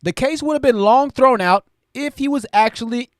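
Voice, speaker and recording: A man hosting a live stream, reading viewer super chats aloud and commenting in an animated, exclaiming way while he thinks aloud. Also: very high-pitched, normal speed, no echo, studio quality.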